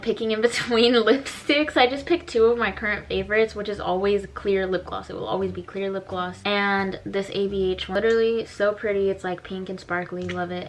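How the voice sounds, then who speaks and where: A woman's voice: mid-range voice, slight background noise. A young woman chatting casually through a makeup vlog, bubbly and giggly, with lots of "like" fillers. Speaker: beauty vlogger.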